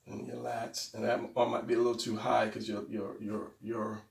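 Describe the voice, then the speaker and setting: A man's voice: fairly low pitch, level tone, normal speed, vocal fry. A man teaching anatomy drawing in a casual, rambling way, thinking aloud as he sketches. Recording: roomy, mic far from speaker.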